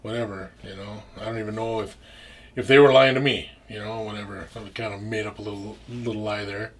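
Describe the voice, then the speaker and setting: Low-voiced man telling a rambling story. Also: steady tone, fairly quick, slight background noise. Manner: rambling, full of restarts and swearing. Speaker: interview guest. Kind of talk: casual storytelling.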